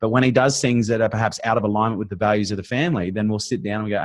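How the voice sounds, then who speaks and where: A man's voice: fairly low pitch, fairly even intonation, very fast, no room sound. A middle-aged Australian man talking bluntly as an interview guest, swearing freely in casual chat. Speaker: interview guest, business strategist.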